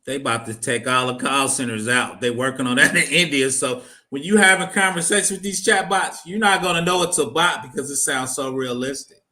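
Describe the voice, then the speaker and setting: Male co-host, sharp bright voice, explainer type, quick to agree. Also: medium pitch. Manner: agreeing "facts" often, explanatory. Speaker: podcast co-host. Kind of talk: casual group chat.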